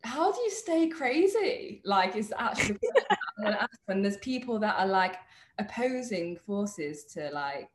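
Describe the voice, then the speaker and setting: Quick-talking woman host, roomy echo. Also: mid-range voice, very animated, a little hiss or hum. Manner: quick, laughing questions. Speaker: podcast host. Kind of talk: casual interview.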